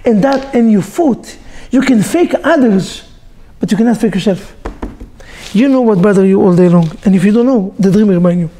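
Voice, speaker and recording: A man teaching as a rabbi, telling stories with jokes and sound effects in a lively sermon to a group. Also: sits high, moderate pace, a little hiss or hum. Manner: animated storyteller, joking, with sound effects.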